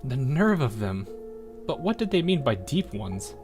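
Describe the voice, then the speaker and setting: Rambling American game streamer, animated. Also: male voice, medium pitch, measured pace, soft background music. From United States. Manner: rambling, laughs often, trails off into asides. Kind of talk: casual game commentary.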